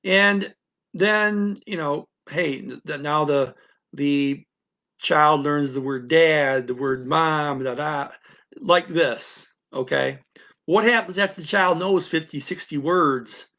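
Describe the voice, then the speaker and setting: Gravelly-voiced man explaining, rambling. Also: fairly high pitch, slow, sharp tone. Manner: rambling, repetitive, with frequent restarts and asides; acts out what a parent or a baby's mind says. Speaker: language-learning teacher. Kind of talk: unscripted explanatory talk.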